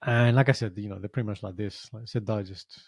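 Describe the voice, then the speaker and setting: A man's voice: lowish voice, steady tone, quick pace, gravelly, husky, no echo, studio quality. A man co-hosting a podcast in casual chat, teasing and joking while a little under the weather. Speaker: podcast co-host.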